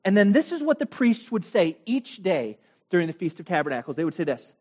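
A man preaching a sermon, telling the story dramatically with rhetorical questions and swings between loud bursts and quiet asides. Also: high-pitched, sing-song, brisk. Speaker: pastor.

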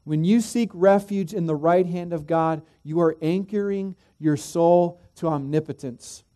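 A middle-aged man, a pastor, preaching a sermon, emphatic in places and dropping to quiet, chatty asides in others. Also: high voice.

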